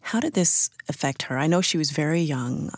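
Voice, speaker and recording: A woman interviewer asking gentle, attentive questions. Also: sits low, animated, moderate pace, no echo, studio quality.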